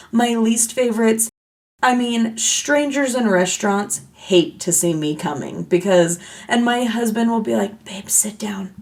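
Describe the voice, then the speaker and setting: A woman hosts her own podcast in a loose, chatty way, happily oversharing and poking fun at herself. Her voice sits at an ordinary pitch with a heavy gravelly fry running through it. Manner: chatty, playful, self-mocking oversharer. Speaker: podcast host. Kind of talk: casual solo podcast chat.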